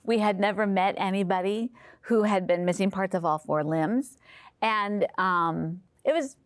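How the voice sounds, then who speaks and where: A middle-aged woman in an interview, talking about her family in a hesitant way with many pauses and fillers. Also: medium pitch, no room sound, clean studio sound. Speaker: interviewee, mother of the guest. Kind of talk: personal interview.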